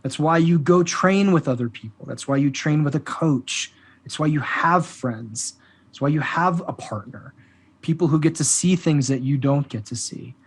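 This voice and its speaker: A man talking as a guest on a podcast about men's work, an animated storyteller who often acts out the back-and-forth of conversations. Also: on the high side, normal speed, slightly rough.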